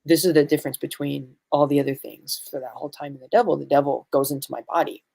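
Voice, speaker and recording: A man's voice: a little high, steady tone, fast, creaky, darkish tone. A man guest on a podcast, a medicine facilitator telling a spiritual story in an earnest, reflective way, full of "you know" fillers.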